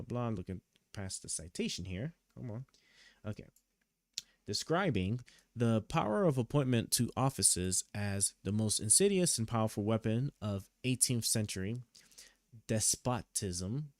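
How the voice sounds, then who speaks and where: A man's voice: on the low side, no echo. Man thinking aloud on a stream, dry mic. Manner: halting, thinks aloud with many restarts; reads legal text aloud, stops to check words. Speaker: streamer reading a court opinion. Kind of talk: casual live stream commentary. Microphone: headset or desk mic.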